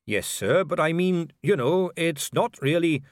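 A man's voice: fairly high pitch, expressive, a little slow, no echo, clean studio sound, pitched above the performer's own voice. A man voicing a cheerful, earnest young male watch captain who is polite and keeps saying sir.

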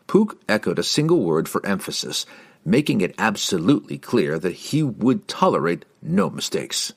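A man narrating a fantasy novel in a measured, expressive reading. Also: low-pitched, gravelly, breathy edge. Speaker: audiobook narrator.

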